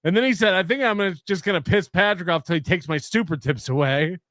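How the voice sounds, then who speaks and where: A man's voice: high-pitched, fast, fairly bright tone, no echo, studio quality. A man commenting casually and wryly, recounting what someone else said. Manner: wry, recounting gossip. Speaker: stream commentator.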